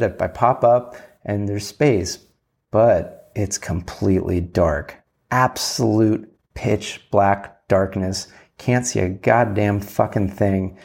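A man's voice: lowish voice, creaky, a little mellow. A man telling a rambling, candid story in a casual monologue, acting out bits of dialogue and swearing freely.

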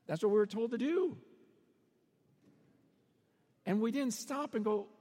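A man preaches in a high, light voice, talking to the congregation like a conversation and firing off questions. His words ring out with a long reverb, as if from a big hall. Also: lively intonation, moderate pace, a little mellow. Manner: conversational, questioning, acts out quotes. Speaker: pastor. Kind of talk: sermon.

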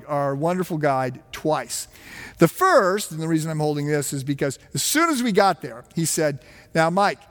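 A middle-aged man from the United States, a pastor telling a story in his sermon, chatty, with self-deprecating humor and frequent fillers. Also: fairly high pitch. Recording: long hall reverb.

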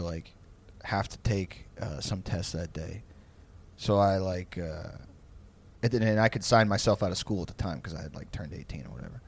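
With a voice on the low side and no room sound, this young man co-hosts a podcast, telling rambling, profane stories in casual talk and laughing frequently.

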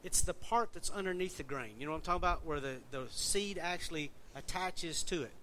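A man's voice: fairly high pitch, fairly quick, a bit bright, slight background noise. Conversational man preaching a sermon. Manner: conversational, asks the congregation questions. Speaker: pastor.

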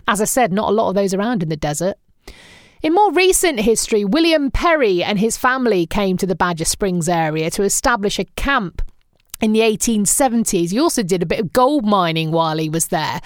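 A woman's voice: medium pitch, no echo, studio quality. A woman with an English accent, hosting a podcast in chatty, wry, humorous scripted storytelling. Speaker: podcast host.

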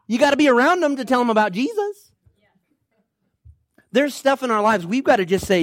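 A male preacher delivers an emphatic, rallying sermon. His voice sits high and leaps up and down with feeling. The sound is dry and close. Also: expressive, normal speed, no room sound. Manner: emphatic, exhorting, rallying with "come on now". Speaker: pastor.

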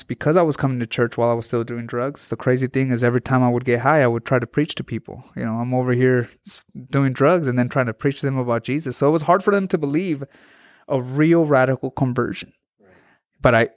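A man's voice: medium pitch, no echo, clean studio sound. Earnest man sharing his testimony. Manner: earnest, halting, with frequent restarts. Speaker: interview guest. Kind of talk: personal testimony.

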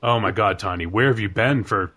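Laid-back male podcast host, low voice, easygoing delivery. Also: brisk. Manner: relaxed, hesitant with fillers. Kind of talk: casual chat.

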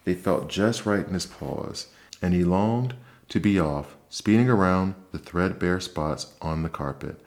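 A man reading a children's book aloud as a soft, calm ASMR bedtime story. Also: sits low, a little slow.

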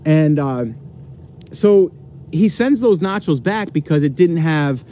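A man's voice: a little high, animated, takes it slowly, dark tone, slight background noise. Rambling casual male storyteller. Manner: rambling, many fillers and restarts, acts out quoted voices. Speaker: host telling a story.

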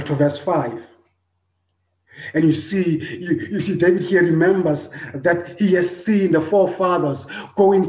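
A man, preaching a personal sermon, earnest, repeating his phrases, swinging between loud and soft. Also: a little high. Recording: echoey room.

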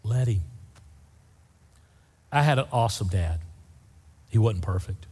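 An older man preaching a sermon as pastor, fervent and swinging between loud outbursts and soft, quiet passages. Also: on the low side, animated, a little slow, breathy edge, in a large hall.

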